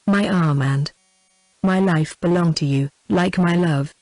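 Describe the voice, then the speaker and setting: A text-to-speech woman's voice with a British English accent, reading a novel aloud in an even, machine-like way. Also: on the low side, unhurried, no room sound, rough recording. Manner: even synthetic reading, reads punctuation aloud. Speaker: audiobook reader. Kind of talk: text-to-speech audiobook narration.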